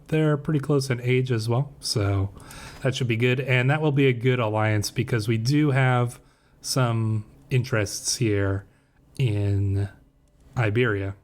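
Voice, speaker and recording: Slow, musing man narrating his game. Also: medium pitch. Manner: relaxed, musing, with frequent fillers and self-corrections. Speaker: game roleplay streamer. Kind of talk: casual commentary on a strategy game.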